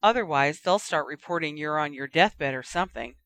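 An earnest, clever teenage girl speaks in a brisk, serious way, as the reader puts her on. The voice is bright and crisp, read close to the mic in a dry room. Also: mid-range voice, animated, no echo.

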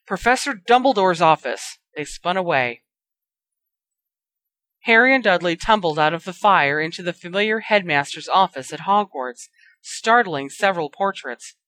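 A narrator reading a fantasy fan fiction story aloud in a steady, dramatic way. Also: mid-range voice, normal speed, no room sound.

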